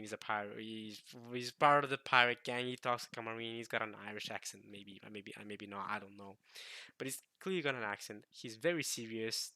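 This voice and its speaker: A man's voice: mid-range voice, pushed and bright, dry recording. A man vlogging, giving an emphatic, rambling opinion rant in casual talk. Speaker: anime vlogger.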